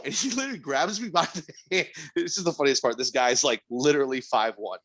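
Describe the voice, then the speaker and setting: Talking a little fast in a fairly high voice, this man co-hosts a podcast and tells a casual but maddening story about work. He swears freely and sounds exasperated and animated, his voice leaping up in disbelief toward near-shouts.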